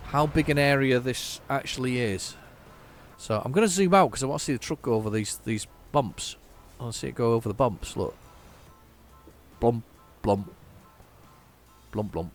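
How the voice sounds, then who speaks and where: A man's voice: medium pitch, animated, a little fast, soft background music. A man hosting a gaming channel, giving casual, playful commentary as he narrates his driving aloud.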